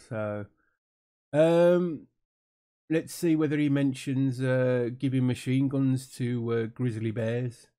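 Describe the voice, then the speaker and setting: A man's voice: medium pitch, dark tone. A British man giving casual, sarcastic commentary on an interview, dry and mocking, with many fillers. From United Kingdom.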